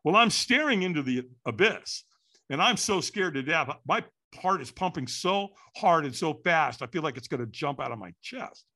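A man with a bright, forceful voice tells a story as a podcast guest. His pitch sits a little high and swings widely as he acts out what people said, sometimes jumping to a shout. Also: normal speed. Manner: animated, acts out quotes with sudden shouts.

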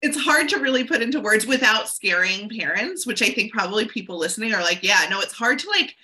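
A woman's voice: on the high side, animated, brisk, sharp tone. A middle-aged woman, a guest on a podcast, speaking in an earnest, passionate way with emphatic repetition. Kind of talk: casual conversational interview.

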